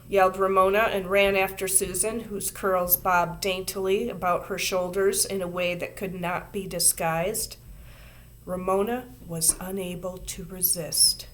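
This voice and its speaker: A woman reading a children's book aloud in an expressive storytelling way. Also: medium pitch, a little hiss or hum. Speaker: reader.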